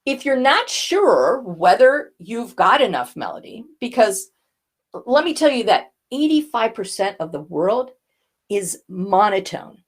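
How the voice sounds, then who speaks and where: A woman's voice: a little high, sing-song, a little slow. An older woman, a voice coach, teaching a lesson and demonstrating vocal effects as she explains.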